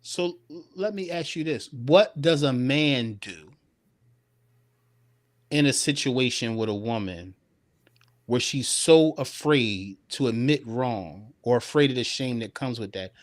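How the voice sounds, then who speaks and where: A man co-hosting a live talk about relationships, asking questions in an animated way with frequent restarts. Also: mid-range voice, a little slow, no echo, clean studio sound. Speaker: co-host.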